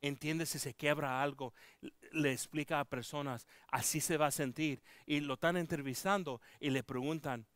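A man's voice: a little high, fairly even intonation, no room sound. Impassioned man preaching a sermon. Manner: swings between loud proclaiming and hushed pleading; halting, with many restarts and fillers. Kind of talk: bilingual sermon. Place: church.

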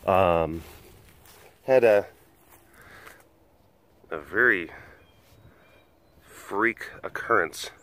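A man's voice: low voice, pushed and bright, no echo. A middle-aged man hosting a casual vlog, talking in a rambling, hesitant way with many fillers. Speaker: big cat sanctuary vlogger.

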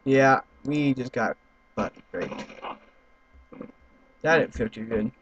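A young man giving let's-play commentary, excitable, swearing and yelling at other players. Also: mid-range voice, slow. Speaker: gaming YouTuber. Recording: slightly muffled with faint noise.

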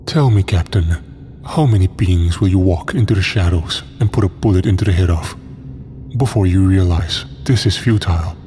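Casting: a man playing a deep, dark-toned monotone cultist preaching calmly, long hall reverb. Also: normal speed, slight background noise, natural voice. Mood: calm menace. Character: deep-voiced monotone male cultist, calm and zealous.

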